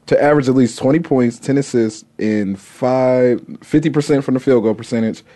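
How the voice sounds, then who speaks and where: A man's voice: medium pitch, mellow. Teasing man reeling off sports stats. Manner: quick, teasing, reels off stats. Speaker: sports talk panelist. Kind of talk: casual sports radio banter.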